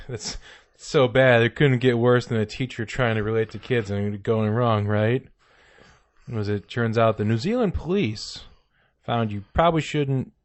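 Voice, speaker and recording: A man's voice: fairly low pitch, a little mellow, no echo. A man co-hosting a comedy news podcast, chatting casually and jokingly, often mimicking what others say. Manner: joking, quotes people in mock voices. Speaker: podcast co-host.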